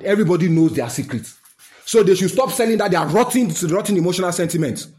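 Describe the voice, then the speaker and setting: A man with a Nigerian accent rants indignantly, firing off one rhetorical question after another. His voice sits high and swings widely up and down as he presses his point. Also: darkish tone. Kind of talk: opinion rant.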